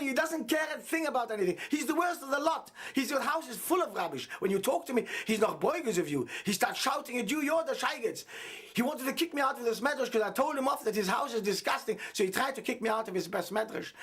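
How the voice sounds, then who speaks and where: Husky, preachy rabbi. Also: male voice, fairly bright tone. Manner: preachy, emphatic, repeats himself, swings between low mutter and raised urgency. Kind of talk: impassioned video monologue.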